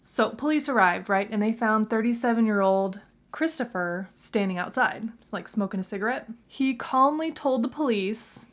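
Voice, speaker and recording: A woman hosting a casual true crime story, chatty and playful with jokey asides. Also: mid-range voice.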